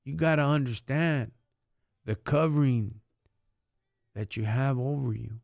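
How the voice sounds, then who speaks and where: A man's voice: medium pitch, unhurried, creaky, a little mellow, dry recording, studio quality. A man giving an impassioned faith talk on a live stream, preachy, in street slang, dropping in Spanish words. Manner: preachy, street slang, calls listeners homie and dog.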